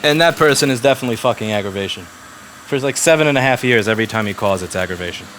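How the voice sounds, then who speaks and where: A man's voice: lowish voice, animated, racing, a bit bright, slight background noise. A man running a repair shop, giving blunt, profane instructions to his staff in casual workplace talk.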